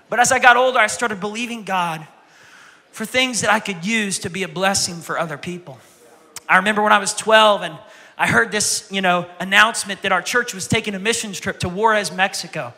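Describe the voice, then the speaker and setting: A pastor preaches a sermon in a bright, ringing, fairly high voice, heavily echoed by a long hall reverb. He tells stories with animation, loudly acting out the voices of people in them, including childhood voices.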